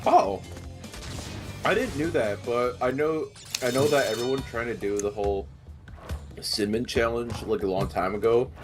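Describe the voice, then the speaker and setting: A man co-hosting a game stream, rambling in halting casual chat with many fillers, sometimes with his mouth full. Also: medium pitch. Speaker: stream co-host. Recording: livestream with game music behind. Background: game music.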